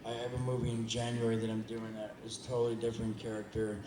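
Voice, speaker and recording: A man's voice: medium pitch, monotone, fast, dark tone. Rambling, joking man at a convention panel. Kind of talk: casual audience Q&A. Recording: echoey hall with background noise.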